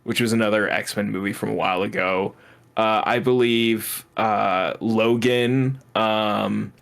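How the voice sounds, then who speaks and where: A man's voice: on the low side, fairly even intonation, a little slow, vocal fry, fairly bright tone. A man co-hosting a podcast, explaining film trivia in a casual, giggly way. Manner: giggly, explains movie trivia with frequent laughs. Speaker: podcast co-host. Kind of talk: casual movie chat.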